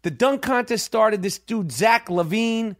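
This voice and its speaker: High-voiced, profane, animated podcast man. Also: a little slow, no room sound, studio quality. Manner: animated, profane, swings pitch acting out quotes. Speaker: podcast host. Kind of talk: profane storytelling monologue.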